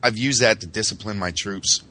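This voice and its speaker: A man's voice: on the low side, normal speed, pushed and bright. A young man co-hosting a casual gaming podcast, brash and full of swearing. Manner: brash, swearing, drill-sergeant bluster. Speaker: podcast co-host.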